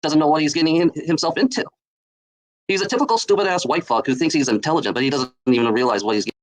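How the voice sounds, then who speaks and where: A man's voice: fairly high pitch, lively intonation, quick pace, low-quality recording. A man on a livestream, ranting in a mocking, profane, repetitive way.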